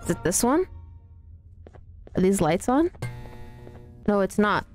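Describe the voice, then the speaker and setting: A woman's voice: mid-range voice, very animated, takes it slowly, soft background music. A woman live-streaming a horror game, chatting playfully with her viewers as she plays. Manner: chatty, playful, talks to chat. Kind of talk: live gameplay commentary.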